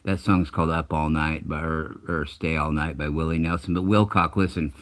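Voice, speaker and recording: A middle-aged man with an extremely low, rumbling voice tells a long personal story in a loose, conversational way. He swears freely, doubles back on himself and restarts his sentences as he goes. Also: steady tone, normal speed, a bit bright. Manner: rambling, profane, self-interrupting. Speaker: channel host. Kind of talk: casual storytelling.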